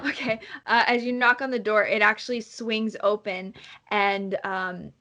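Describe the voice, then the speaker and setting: A woman narrating a tabletop game as game master. She describes scenes at length and pauses often with fillers. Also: mid-range voice, fairly even intonation, sharp tone.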